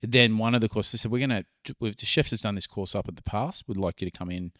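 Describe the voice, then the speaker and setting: A middle-aged man with an Australian accent chats on a podcast and tells stories with plenty of swearing. His voice sits low, and the recording is close and dry with no room sound. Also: a bit bright, no echo. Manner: storytelling, swears freely, drawn-out pauses. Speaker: podcast co-host. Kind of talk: casual chat.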